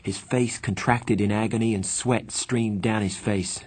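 Low, husky male audiobook narrator. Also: fairly even intonation, measured pace, darkish tone. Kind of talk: first-person novel narration.

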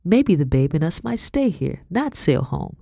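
A woman's voice: deep voice, big pitch swings, measured pace, vocal fry, dark tone, no room sound, studio quality, exaggerated voice. Woman doing a cheerful young mother. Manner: cheerful, folksy.

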